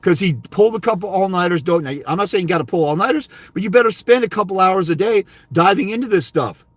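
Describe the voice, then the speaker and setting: Male consultant, high-pitched and dry. Berating, profane livestream ranter. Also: fast, no echo. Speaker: fathers' rights consultant. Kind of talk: ranting livestream monologue.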